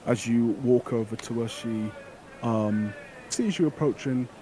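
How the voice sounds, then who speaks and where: A man narrating as game master of a tabletop game, relaxed and halting, often pausing with fillers. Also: mid-range voice, slight background noise.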